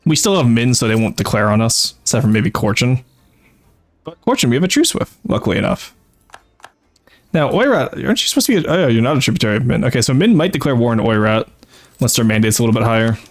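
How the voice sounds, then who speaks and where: A male streamer talks his way through a strategy game at an ordinary middle pitch, musing aloud and explaining each move. He corrects himself mid-sentence and fills pauses with "uh", while soft music plays quietly underneath. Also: big pitch swings. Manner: thinking aloud, explaining tactics with frequent fillers. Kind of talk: casual live-stream commentary.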